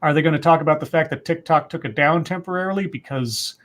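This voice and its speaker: A man's voice: fairly high pitch, fast, fairly bright tone. A man co-hosting a livestream, reading news articles aloud and breaking in with asides and self-corrections. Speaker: co-host.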